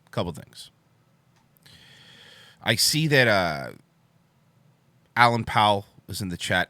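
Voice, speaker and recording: A man hosting a livestream, giving a deadpan, mock-solemn monologue from a home setup in front of a green screen. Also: lowish voice, takes it slowly, pauses often, no room sound. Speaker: livestream host.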